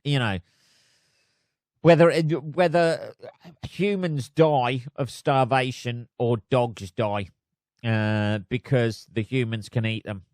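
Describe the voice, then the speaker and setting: A man's voice: mid-range voice, slow, a little mellow, no echo, studio quality. A man hosting a solo podcast, reading news aloud and riffing on it in a sweary, sardonic way. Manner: sweary, sardonic, laughs at his own jokes. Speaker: podcast host.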